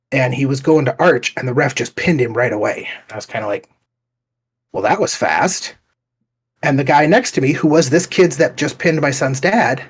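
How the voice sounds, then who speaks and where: A middle-aged man telling stories in a casual chat, acting out heated exchanges with lively quoted voices. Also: mid-range voice, slightly rough. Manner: animated storyteller, acts out heated quotes. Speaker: podcast co-host.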